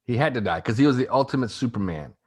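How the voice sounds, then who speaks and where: A man's voice: medium pitch, lively intonation, fast, darkish tone. A man chatting on a casual podcast, easygoing and explaining his points at length. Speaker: podcast guest. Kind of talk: casual chat.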